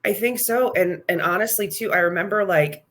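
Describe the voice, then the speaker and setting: A woman's voice: mid-range voice, moderate pace, a little hiss or hum. Young adult woman, podcast guest, candid and chatty with easy laughs. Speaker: guest, new mother. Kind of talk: casual podcast chat.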